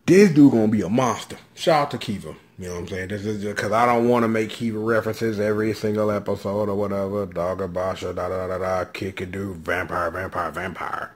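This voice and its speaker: A man giving a casual, hyped-up episode review, joking and slangy, often leaping into high shouts. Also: fairly even intonation, brisk, few pauses. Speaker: show recap vlogger.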